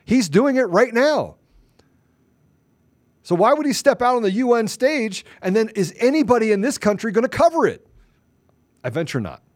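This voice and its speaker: A man's voice: extremely high pitch, very animated, normal speed, pauses often, a little mellow, dry recording, studio quality. A man hosting a political talk show, delivering fervent, ranting commentary full of rhetorical questions.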